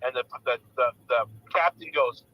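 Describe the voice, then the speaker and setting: A man's voice: mid-range voice, moderate pace, muffled recording, a little hiss or hum. A man calling in to a live stream, chatting casually and telling a rambling joke. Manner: rambling, restarts jokes, lively delivery. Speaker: guest caller.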